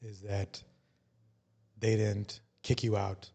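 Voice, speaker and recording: A man's voice: lowish voice, flat delivery, takes it slowly, warm tone, husky. A man hosting a podcast, asking questions in loose, searching phrasing. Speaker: podcast host. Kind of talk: casual interview.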